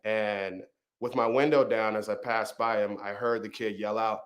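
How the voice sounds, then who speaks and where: A man's voice: fairly low pitch, steady tone, normal speed. A man, a comedian and storyteller, telling a personal story and then chatting casually in an interview. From Arizona. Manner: vivid storyteller, acts out the people he quotes.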